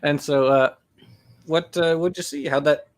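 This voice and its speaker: A man's voice: on the high side, fairly even intonation, unhurried. A young man interviewing casually, laid-back, mostly giving short replies.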